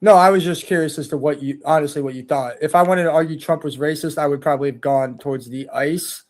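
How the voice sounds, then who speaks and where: A man with a slightly high voice speaks fast as a debate guest. He talks in a casual, agreeable way, with plenty of swearing. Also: darkish tone.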